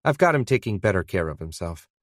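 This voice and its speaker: A man's voice: low voice, very animated, quick pace, dry recording. A man voicing a grown woman who teases an old friend in a light, dry way, in an audiobook. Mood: teasing. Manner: light, teasing.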